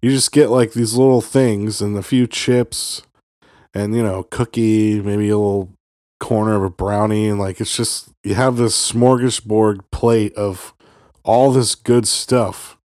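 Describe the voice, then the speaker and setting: A man's voice: fairly low pitch, little pitch movement, measured pace, dark tone, no echo, clean studio sound. A man co-hosting a podcast, talking in a tired, laid-back, casual way. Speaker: podcast co-host. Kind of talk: casual chat.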